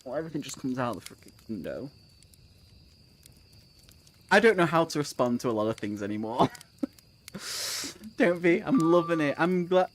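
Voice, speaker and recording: A young adult book streamer hosts a live reading sprint, reading out chat messages and reacting to them. The voice swings widely in pitch, quick to burst into laughter and unbothered about swearing. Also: big pitch swings.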